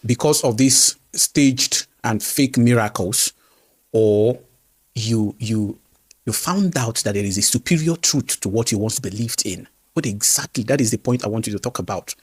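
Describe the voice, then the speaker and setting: Interviewer guy, pushy questions, husky voice, dry sound. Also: lowish voice, normal speed, dry recording. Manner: pointed, prodding questions with frequent "mm" backchannels.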